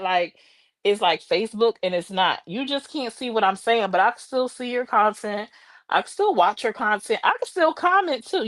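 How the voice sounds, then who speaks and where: A tired woman hosting a casual chat with her viewers, sassy and animated, talking while out walking a dog in the rain. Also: a little high, no echo. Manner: sassy, animated, slangy and drawling. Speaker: livestream host.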